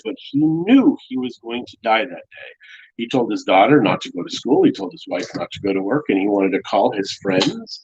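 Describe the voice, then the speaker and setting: A husky, slightly breathy middle-aged man spins a joking story while co-hosting a relaxed chat. The sound is dull and lo-fi, like a streamed broadcast. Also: mid-range voice. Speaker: co-host. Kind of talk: casual chat.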